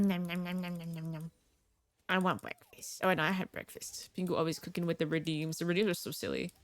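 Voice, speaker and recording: A woman's voice: on the low side, fairly bright tone, no room sound. A young woman livestreaming a game, chatting in a bubbly way with viewers and reacting aloud to the play. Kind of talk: casual gaming stream chat.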